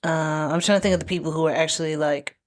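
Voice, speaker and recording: A woman's voice: deep voice, fairly even intonation, racing. A woman co-hosting a podcast, chatting casually as she recaps a TV show and acts out the characters' lines. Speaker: podcast co-host.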